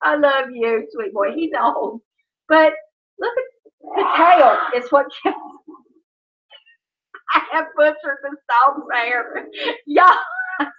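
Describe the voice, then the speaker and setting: Woman, middle-aged, high chatty voice, laughs a lot, muffled lo-fi stream sound. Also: animated, extremely slow, long pauses. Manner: chatty, laughing often, self-mocking. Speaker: livestream host. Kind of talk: casual livestream chat. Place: at home, indoors.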